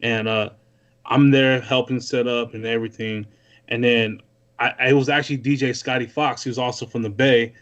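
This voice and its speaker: A man's voice: mid-range voice, steady tone, moderate pace, a bit bright. Laid-back slangy man on a muffled call-in. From Newark, California. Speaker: guest music producer. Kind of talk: casual podcast chat. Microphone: remote call-in.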